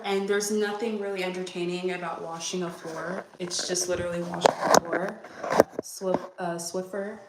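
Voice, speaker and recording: A young woman with a Californian accent chatting casually while she cleans her bathroom, rambling and answering viewer questions out loud. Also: mid-range voice, recorded from a distance, heavy background noise. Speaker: vlogger. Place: bathroom at home. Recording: echoey bathroom, voice from afar.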